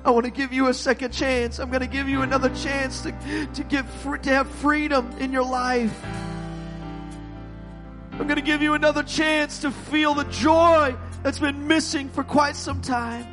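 A male pastor preaching an impassioned sermon with an altar call, rising to shouts. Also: very high voice, flat delivery, moderate pace, over music. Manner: impassioned, rising to shouts, voicing God's words.

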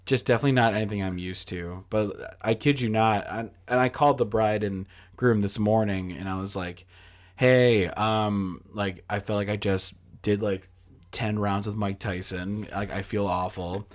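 A man's voice: fairly low pitch, fairly even intonation, moderate pace. A young man on a podcast telling a long, casual story, full of fillers like "like," acting out what people said and swearing freely. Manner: rambling, filler-heavy, acts out quoted dialogue, swears freely. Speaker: podcast guest.

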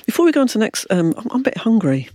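A woman hosts a food podcast, rattling along at high speed with a slightly raised voice. She is playful and effusive. The studio sound is dry and close. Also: big pitch swings, dark tone, no room sound. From United Kingdom. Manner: bubbly, fast, playful, effusive. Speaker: podcast host. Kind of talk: casual podcast chat.

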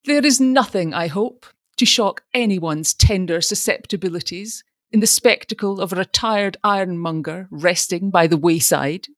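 A man's voice: sits high, normal speed, few pauses, fairly bright tone, no room sound, clean studio sound. A woman voicing a pompous, fussy retired ironmonger, an older man who talks loftily and pities himself. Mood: lofty, fussy. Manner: lofty, fussy, self-pitying.

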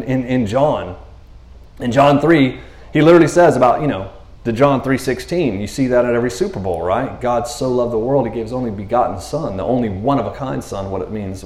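A man gives a relaxed, chatty sermon, retelling scripture in his own words and laughing as he goes. His voice sits at an ordinary pitch. The room around him is echoey. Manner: conversational, animated, laughs often, keeps saying "you know what I mean". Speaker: preacher. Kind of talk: casual sermon.

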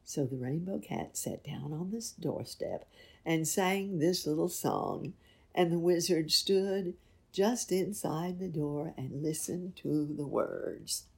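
A woman reading a children's story aloud in an expressive, unhurried way. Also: low voice, vocal fry, breathy edge.

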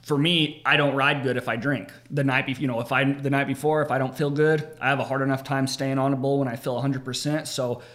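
A young man, a bull rider, chatting as a guest in a halting way, often repeating words as he starts. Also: medium pitch, flat delivery, a bit bright. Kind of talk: casual interview chat.

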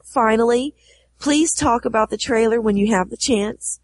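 A woman co-hosting a podcast with a cold, hoarse voice, reading listener messages aloud. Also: on the high side, moderate pace, no room sound. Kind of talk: casual podcast chat.

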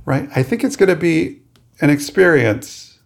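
A man co-hosting a podcast in casual chat, playful and quick to mock himself with little asides. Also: a little high, lively intonation, creaky. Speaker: podcast co-host.

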